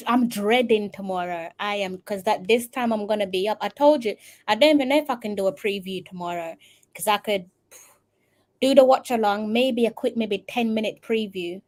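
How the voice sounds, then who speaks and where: Woman, weary plain-spoken co-host, mid pitch. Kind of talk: casual chat.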